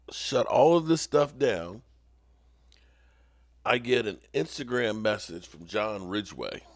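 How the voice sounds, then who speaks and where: A man's voice: mid-range voice, dry recording, clean studio sound. A man hosting a sports podcast, ranting sarcastically in a mock-outraged way.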